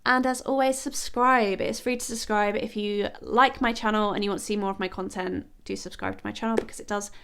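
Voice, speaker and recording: A woman's voice: medium pitch, steady tone, fairly quick, hardly any pauses, background noise. A woman book vlogger in casual chat reviewing her recent reads, rambling and chatty with lots of filler words and self-corrections.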